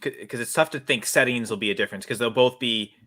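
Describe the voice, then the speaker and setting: A man on a podcast panel, talking casually and thinking out loud, hedging his picks with lots of "like.". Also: medium pitch, fast talker. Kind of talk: casual chat.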